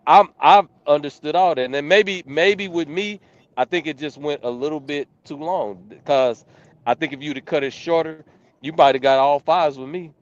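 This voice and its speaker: A man in a middle register weighs his scores out loud, hesitating as he hunts for words. The sound is dry and a little dull. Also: on the high side, moderate pace, no echo. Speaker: judge. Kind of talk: casual chat.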